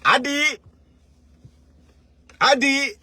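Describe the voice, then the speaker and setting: High-voiced man preaching in slang. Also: sharp tone. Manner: rhetorical questions, profane, street slang; preachy, drawn-out emphasis. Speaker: online commentator. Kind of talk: casual motivational rant to camera.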